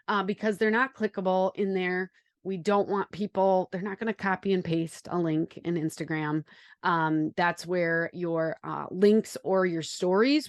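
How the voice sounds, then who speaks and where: A podcast host with a Wisconsin accent chats enthusiastically, sharing tips and interviewing a guest. Her medium-pitched voice comes through clean, studio-quality audio without any room sound.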